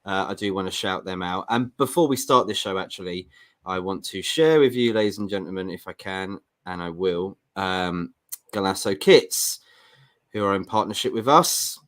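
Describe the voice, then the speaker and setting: A man's voice: deep voice, animated, normal speed, fairly bright tone. A man hosting a casual football podcast, chatty and jokey, rambling a little as he talks. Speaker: podcast host.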